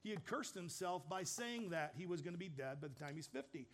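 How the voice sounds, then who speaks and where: A man in his fifties delivers a sermon with a notably high-pitched voice. He speaks earnestly and directly, in a storytelling way. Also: expressive, fairly quick. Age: 50s. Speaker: pastor.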